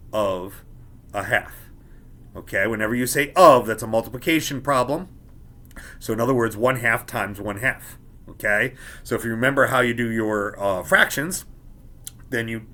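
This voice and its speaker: A man with a bright, clear voice gives a beginner music lesson. He explains each step patiently and keeps checking that his students are following. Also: mid-range voice. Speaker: music teacher.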